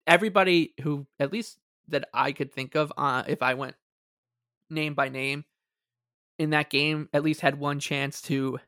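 A man co-hosting a sports podcast, talking in a measured, hesitant way. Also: mid-range voice, a bit bright, smooth, dry recording, clean studio sound. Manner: measured, hesitant, many fillers and restarts. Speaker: podcast co-host. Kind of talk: casual sports talk.

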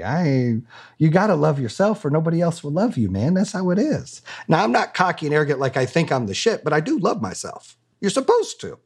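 A man's voice: on the high side, sing-song, quick pace, darkish tone, breathy edge. A man being interviewed as a business owner, talking candidly in a blunt, profane and fired-up way.

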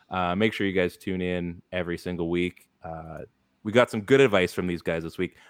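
Low-voiced rambling podcast host, man. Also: no echo. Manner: rambling with many fillers. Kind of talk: casual fantasy sports chat.

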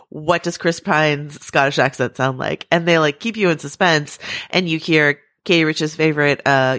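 A woman co-hosting a podcast in casual chat, animated and laughing, with plenty of fillers. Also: on the low side. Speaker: podcast co-host.

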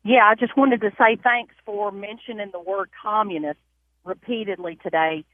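A woman's voice: medium pitch, steady tone, moderate pace. A woman with a Southern US accent calling into a radio show, speaking emphatically and fed up. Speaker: caller. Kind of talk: call-in comment. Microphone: telephone. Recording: tinny phone line.

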